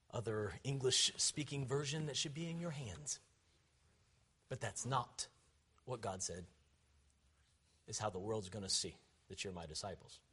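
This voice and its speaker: A pastor preaches an impassioned sermon, his lowish, slightly rough voice swinging from loud shouting to quiet, conversational asides.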